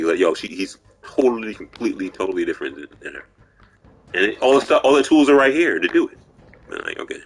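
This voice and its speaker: A man's voice: lowish voice, a little hiss or hum. A man streaming a video game live, giving profane, rambling commentary as he plays.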